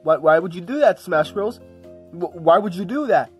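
A man's voice: medium pitch, a little slow, soft background music, natural voice. A man voicing a goofy, food-obsessed blocky game hero who rambles and turns whiny when upset. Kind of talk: homemade comedy sketch voice acting.

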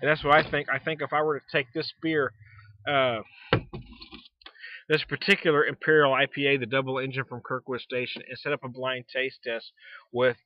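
A man's voice: medium pitch, level tone, normal speed, muffled recording, slight background noise. A man reviewing beer in a casual vlog, rambling with restarts and speaking frankly, with some mild swearing. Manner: rambling, frequent restarts and fillers; frank, mildly profane.

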